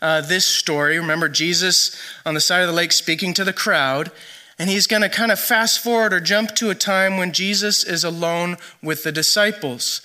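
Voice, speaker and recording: A man preaching a sermon in a conversational way, acting out the lines he quotes with lively emphasis. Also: sits high, normal speed. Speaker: pastor.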